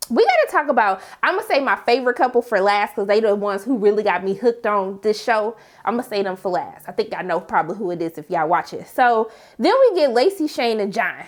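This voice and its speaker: A woman casually recapping a reality TV episode as host, acting out what people said in exaggerated voices. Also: on the high side. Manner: animated, acts out quotes in exaggerated voices.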